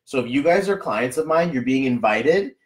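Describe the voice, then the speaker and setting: A man reading numerology on a casual live stream, chatty and excitable, greeting viewers by name. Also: mid-range voice, moderate pace. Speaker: numerology reader. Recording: echoey room.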